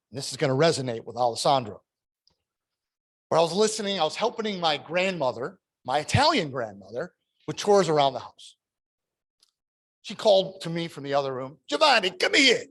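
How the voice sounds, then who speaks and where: A man in his thirties, the toastmaster of a club meeting, telling a personal story in a prepared speech with rhetorical questions. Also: a little high.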